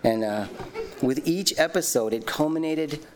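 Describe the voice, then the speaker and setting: A man giving a personal testimony in a sermon, earnest and animated, telling his story with many restarts and self-conscious laughs. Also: on the high side, unhurried. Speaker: lay speaker giving a testimony.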